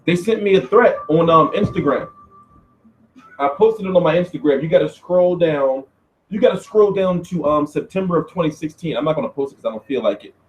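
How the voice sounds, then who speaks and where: A man with a fairly high, very lively voice hosts a casual boxing Q&A. He talks loose and profane, swinging from low asides up into loud, high-pitched outbursts whenever he retells a story. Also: a little fast, slight background noise, low-quality recording. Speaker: boxing show host. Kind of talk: casual live-stream Q&A.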